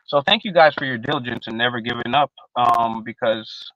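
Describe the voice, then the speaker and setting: A man's voice: medium pitch, brisk, no room sound, muffled recording. A man in casual live-stream panel chat, rambling and profane, with lots of slang and restarts, on a video call. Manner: restarts often, animated.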